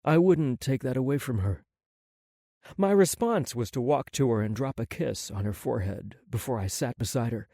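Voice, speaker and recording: A man narrates a first-person novel in an expressive, intimate way. His pitch moves in a lively way. The recording is close and dry. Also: normal speed, no room sound. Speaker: audiobook narrator.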